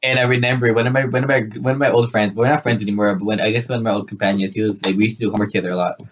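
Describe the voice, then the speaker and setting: A man's voice: on the low side, fairly even intonation, rapid-fire, lo-fi sound. A young man co-hosting a podcast, telling crude stories in a rambling way, with lots of fillers and frequent laughter. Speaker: podcast co-host. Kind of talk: casual chat.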